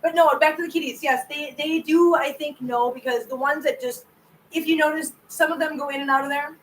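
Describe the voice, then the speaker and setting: A woman's voice: high voice, steady tone, brisk, recorded from a distance, slight background noise, poor audio. A woman hosting a casual livestream from home, chatting with viewers in a rambling way and stumbling over her words. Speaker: cat channel host.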